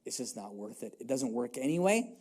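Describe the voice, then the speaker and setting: A man's voice: mid-range voice, big pitch swings, fairly quick, a little mellow, breathy edge. A male pastor giving a conversational, self-deprecating sermon in a church, hammering home short repeated catchphrases. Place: church sanctuary.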